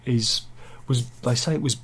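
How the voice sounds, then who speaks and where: A man's voice: mid-range voice, moderate pace, breathy edge. A man giving casual satirical news commentary, full of wry self-mocking asides and mock-dramatic quips. He talks over pictures he shows. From England.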